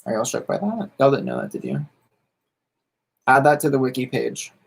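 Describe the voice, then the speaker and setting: A campy, sassy man talks casually on a livestream, firing back answers to his viewers in drag slang. He is from the United States and keeps chatting while he does his makeup. His voice sits at a middling pitch for a man. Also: wildly swooping pitch, moderate pace, creaky, husky. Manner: doing makeup while talking. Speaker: drag queen streamer answering viewer questions.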